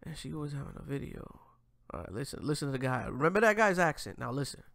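Gravelly, animated man hosting a commentary show. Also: mid-range voice, quick pace, dry recording, studio quality. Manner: slangy, profane, talks straight to viewers. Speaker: host. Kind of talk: casual commentary reacting to clips.

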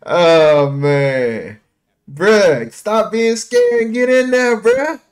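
A man hosting a movie reaction, excitable and full of slang, laughing along. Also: high voice, very slow. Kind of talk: casual reaction commentary.

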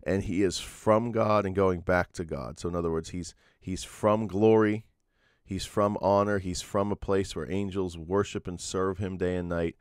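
Male pastor, deep voice, earnest teaching sermon with restarts, dry sound. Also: fairly even intonation, moderate pace, smooth, dry recording. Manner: earnest, explanatory, with frequent fillers and restarts.

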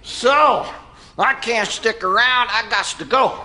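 A man's voice: extremely high pitch, slow pace, bright, forceful tone, full character voice. A man voicing a brash, cheeky redneck puppet who hollers and whoops, with a Southern US accent. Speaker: ventriloquist's dummy. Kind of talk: stand-up ventriloquist act. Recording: noisy comedy club.

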